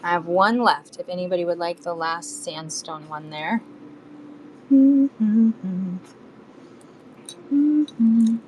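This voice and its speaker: A woman's voice: lowish voice, steady tone, moderate pace, hardly any pauses, fairly bright tone, slight background noise, rough recording. A woman talking casually while selling bead strands on a live stream, counting beads and humming to herself as she works. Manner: chatty, counts beads aloud, hums while working. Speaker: live shopping seller.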